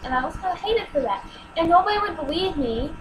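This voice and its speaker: In a low-quality home vlog recording with slight background noise, a teenage girl with a very high-pitched voice tells a personal story at a quick pace. Her intonation is lively, and she acts out quotes in an emotional, exasperated way.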